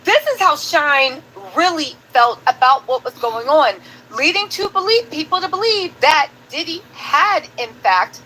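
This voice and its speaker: A woman's voice: sits high, animated, a little slow, few pauses, bright, forceful tone, poor audio. A woman hosting a live stream, chatting casually and animatedly to her viewers about news clips. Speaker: commentary host.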